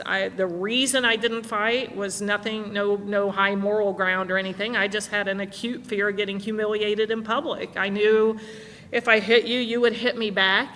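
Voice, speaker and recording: A woman's voice: mid-range voice, pushed and bright. Middle-aged woman sharing her story at a recovery conference, wry and frank, live hall recording with faint background hum. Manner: candid, self-mocking storytelling. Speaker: speaker sharing at a recovery meeting. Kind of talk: personal story talk.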